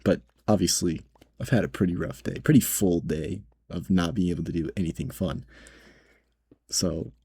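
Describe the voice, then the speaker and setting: A man's voice: sits low, moderate pace, warm tone, slightly rough. A man who works as a grocery cashier tells a story in a casual vlog, rambling with lots of "like" and "right?" and sounding nervous and indignant.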